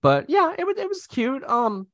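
A man's voice: very high voice, wildly swooping pitch, normal speed, fairly bright tone, no echo, clean studio sound. A man co-hosting a podcast, chatting casually about movies he watched. He rambles with lots of restarts and fillers. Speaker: podcast co-host. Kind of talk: casual movie review chat.

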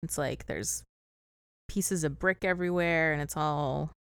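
A woman's voice: low-pitched, unhurried, a little hiss or hum. A young woman co-hosting a casual chat, retelling a film scene by scene with frequent giggles. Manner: giggly, animated storyteller. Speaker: podcast co-host.

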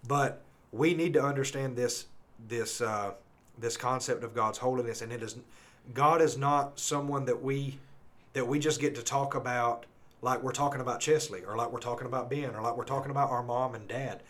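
A man's voice: medium pitch, fairly even intonation, a bit bright. Earnest man teaching scripture. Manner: earnest, reads scripture slowly and emphatically, then rambles with restarts. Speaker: podcast co-host. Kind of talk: conversational Bible teaching.

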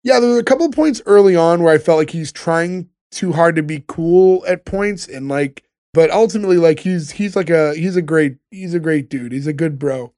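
A man's voice: fairly high pitch, normal speed, few pauses, darkish tone, no room sound, clean studio sound. A man hosting a casual podcast, talking loosely with lots of fillers. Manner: loose, rambling, frequent fillers. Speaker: podcast host. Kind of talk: casual chat.

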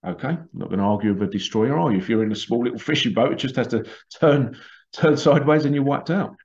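A man's voice: medium pitch, quick pace, a little mellow. A man telling a long, rambling story, full of restarts and acted-out quotes. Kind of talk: casual conspiracy talk, storytelling. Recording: dull lo-fi sound.

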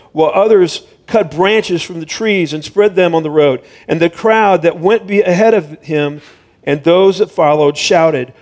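A man's voice: high-pitched, darkish tone. A male pastor giving a sermon in a conversational, explanatory way, retelling a Bible story and reading scripture aloud.

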